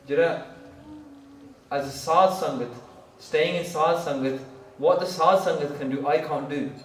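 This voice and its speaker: A man's voice: on the high side, far from the mic, a little hiss or hum. Man telling a sermon story in an echoey hall. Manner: retells a story in long chains of "he goes, she goes". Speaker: speaker at a gurdwara talk. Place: gurdwara hall.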